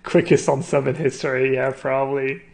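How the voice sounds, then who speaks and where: Gravelly guy streaming a card game, joking around with chat. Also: mid-range voice, little pitch movement, moderate pace. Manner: joking, thinks aloud about card choices. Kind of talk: casual live-stream commentary.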